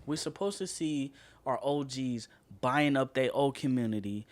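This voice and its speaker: A man's voice: medium pitch, normal speed, dry recording. A man co-hosting a casual podcast, ranting passionately and swearing a lot. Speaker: podcast co-host.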